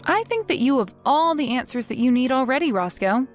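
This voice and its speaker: A woman acts out a cold, taunting young wife from a text-message story drama. She speaks with a fairly high voice and a sarcastic, mocking edge. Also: lively intonation, a little fast, soft background music.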